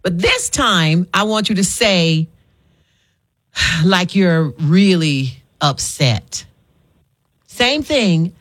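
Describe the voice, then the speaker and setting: A woman radio host with a lively, swooping voice. She is playful and laughs often as she coaches callers through a game over a studio mic. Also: on the low side, very slow, long pauses. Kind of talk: casual call-in chat.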